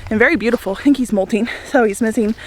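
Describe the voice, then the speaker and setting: A woman's voice: on the high side, fast, noisy background. Chatty young woman vlogging outdoors on a farm. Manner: chatty and upbeat, laughing often. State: a little out of breath. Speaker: flower farmer and homesteader. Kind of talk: casual vlog talking to camera. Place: outdoors on a farm, in a flower garden.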